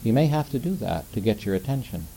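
A middle-aged man preaching a sermon in a gentle, conversational way, often asking his listeners rhetorical questions. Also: medium pitch, animated, quick pace, creaky, slightly rough, low-quality recording.

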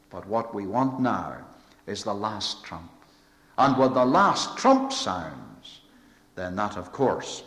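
A man preaching a sermon with emphatic, repetitive phrasing and swelling rhetorical lists. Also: mid-range voice. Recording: echoey hall with long reverb.

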